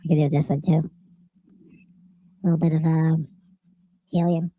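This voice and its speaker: Guy doing a squeaky helium-effect voice, goofy casual stream chatter. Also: flat delivery, a little slow, warm tone, no echo. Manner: joking, chatty. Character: man talking through a helium voice changer. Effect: helium pitch-up voice effect. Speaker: livestream host. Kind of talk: casual chat.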